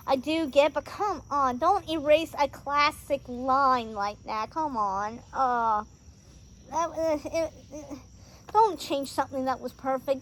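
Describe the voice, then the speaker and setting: Female host, high pitch, casual outdoor film-review vlog, rambly and excitable, lots of ums. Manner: excitable and rambling, with many fillers and restarts. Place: outdoors on a home driveway.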